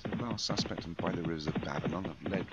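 Very deep-voiced man calling a game horse race. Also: quick pace. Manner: chatty, jokey, self-correcting. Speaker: race commentator. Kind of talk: amateur horse racing commentary over a game. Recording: dull lo-fi sound with loud music.

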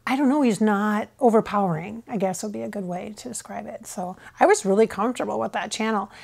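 An American woman, a channeler, offers a casual spoken reflection to camera at home while her husband films. Her mid-range voice is gravelly, and she rambles hesitantly, often restarting sentences.

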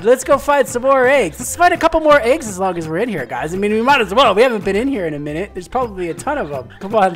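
A woman hosting a gaming video, giving excited gameplay commentary with gasps, squeals and playful sound effects. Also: mid-range voice.

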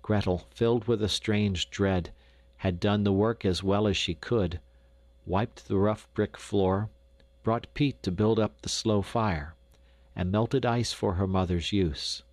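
A man narrates a classic storybook in a low, expressive voice. He is recorded close on a studio mic, and the sound is dry and intimate with no room echo. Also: slow. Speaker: audiobook narrator.

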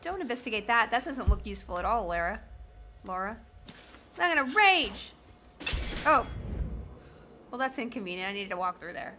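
A woman's voice: medium pitch, expressive, a little fast, pauses often, sharp tone, slight background noise. A woman from the southern United States giving chatty, jokey commentary while playing a video game. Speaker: gaming streamer. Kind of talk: casual gameplay commentary.

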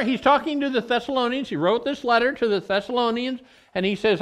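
A man's voice: very high voice, animated, normal speed, fairly bright tone. A middle-aged man, preaching a sermon in a conversational way, explaining words with everyday stories. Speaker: pastor.

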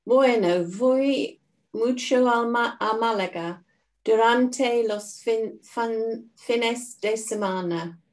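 Adult female student, video call, slow, careful, hesitant. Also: a little high. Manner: careful, halting learner. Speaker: language student. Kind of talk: reading practice dialogue aloud.

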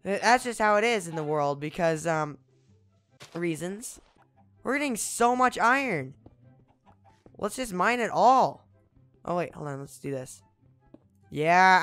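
A young man giving goofy let's play commentary, exclaiming loudly and slipping into whispered sneaky asides. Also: sits high, slow, long pauses, clean tone, soft background music. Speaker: gaming video host.

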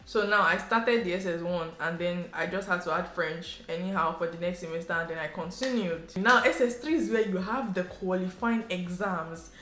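A woman's voice: lowish voice, normal speed, few pauses. Chatty Nigerian woman vlogger, roomy echo. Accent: Nigerian English. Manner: chatty and animated, with laughs and local slang. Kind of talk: casual storytelling to camera. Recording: roomy echo, faint background music.

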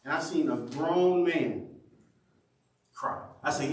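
In a church sanctuary, a pastor with a high voice delivers a sermon built around his own story, taking it slowly and swinging between quiet asides and loud outbursts. He's an animated storyteller who laughs often and acts out quotes. The distant mic gives a roomy, echoing sound with slight background noise.

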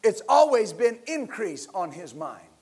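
A man preaching a sermon as pastor, building to loud emphatic bursts and leading his listeners in call-and-response. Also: high-pitched, sing-song, a little slow, slightly rough.

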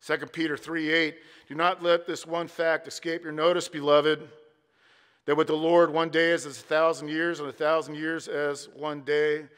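A man's voice: on the high side, level tone, normal speed, fairly bright tone, smooth. Man preaching in a reverberant church. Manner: emphatic preaching with rhythmic repetition. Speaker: pastor. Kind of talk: sermon. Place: church sanctuary.

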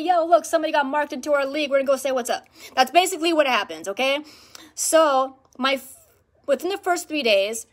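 A woman speaking to camera in a vlog, telling a personal spiritual experience in an animated, emphatic way and repeating words for emphasis. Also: mid-range voice. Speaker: spiritual practitioner vlogger.

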